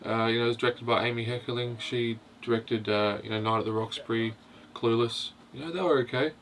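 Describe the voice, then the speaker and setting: A man's voice: medium pitch, steady tone, fairly quick. A man casually reviewing a film, hesitant and rambling, with constant "you know" fillers. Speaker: host of a film review video.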